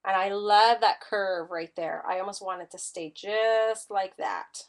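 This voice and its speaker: A woman's voice: medium pitch, fairly even intonation, measured pace. A woman teaching a live-streamed mixed media art class, chatty and enthusiastic as she demonstrates. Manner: chatty and enthusiastic, gushing over colors.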